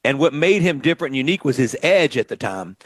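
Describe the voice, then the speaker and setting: A middle-aged man from Mississippi who hosts a radio show, telling stories in a lively way and acting out what people said. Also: mid-range voice, quick pace, no room sound. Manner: animated storyteller, acts out quotes. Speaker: radio host and musician. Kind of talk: storytelling radio chat.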